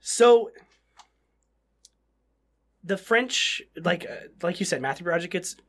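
A man with a high voice chats loosely about a film. He laughs often, curses casually and slips into acted-out quotes. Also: animated, takes it slowly. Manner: swears casually. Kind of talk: casual podcast chat about a movie.

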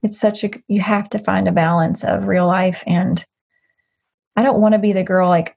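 A chatty woman talks openly and at length as an interview guest, often restarting her sentences. Her voice is a little husky, and the recording sounds muffled and lo-fi. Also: mid-range voice, fairly even intonation, moderate pace, darkish tone. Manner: candid, rambling, frequent restarts. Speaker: guest, social media creator. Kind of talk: casual interview chat.

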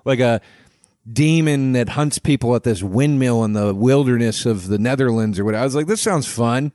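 A man's voice: mid-range voice, brisk, warm tone, dry recording, studio quality. A man co-hosting a podcast who talks about movies in a rambling, blunt and sarcastic way. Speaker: podcast co-host. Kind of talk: casual chat about movies.

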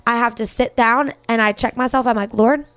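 A woman's voice: a little high, steady tone, brisk, a bit bright, smooth, dry recording. A young woman, a podcast guest and country singer, talking earnestly about her faith and saying "like" a lot. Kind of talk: casual faith conversation.

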